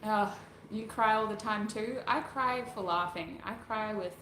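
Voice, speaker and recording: A tarot reader hosts a casual livestream from home while doing her makeup, rambling through answers to viewer comments and laughing often. Her mid-range voice is unhurried and fairly bright, and the recording has a roomy echo with faint background noise.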